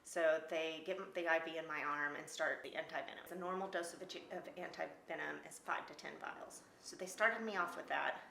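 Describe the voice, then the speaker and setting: A middle-aged woman telling her own story in casual talk, lively and laughing between lines. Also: low-pitched, a little fast, vocal fry, few pauses, a little hiss or hum. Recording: roomy echo.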